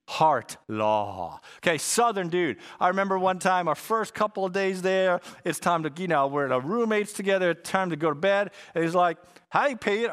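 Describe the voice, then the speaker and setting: A male pastor delivering a sermon in a relaxed, chatty way, peppered with slang and asides. His voice sits a little higher than most men's. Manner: casual, conversational, slangy.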